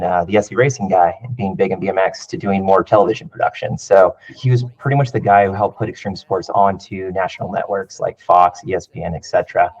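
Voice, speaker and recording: A man in his thirties from California, telling relaxed, rambling stories as an interview guest and often saying "like" and "you know". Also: sits low. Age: 30s. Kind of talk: casual interview storytelling. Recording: dull lo-fi audio.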